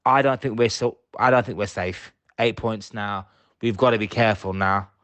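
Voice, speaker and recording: A man's voice: fairly low pitch, fairly even intonation, moderate pace, a bit bright, dry recording. A man leaving a short, friendly voicemail for a podcast, sounding worried.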